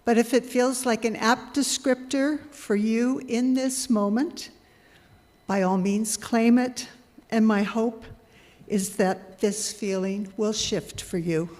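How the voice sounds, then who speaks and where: A woman giving a measured, earnest reflection to a congregation as a lay worship leader. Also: fairly high pitch, steady tone, darkish tone. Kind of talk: sermon reflection. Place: congregation hall. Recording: long hall reverb.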